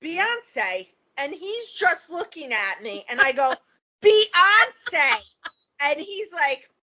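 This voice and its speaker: Enthusiastic woman co-host, high bright voice, lo-fi recording. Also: sing-song, slow. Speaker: podcast co-host. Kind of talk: casual podcast chat. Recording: dull lo-fi sound.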